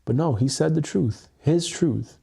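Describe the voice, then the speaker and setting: A man's voice: a little high, measured pace, vocal fry, mellow, slightly rough. A man talking alone to his camera on a livestream, earnest and emotional, swearing freely and repeating himself as he works through his feelings. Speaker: content creator. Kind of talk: solo livestream monologue, EFT tapping. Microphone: webcam mic, looking into camera.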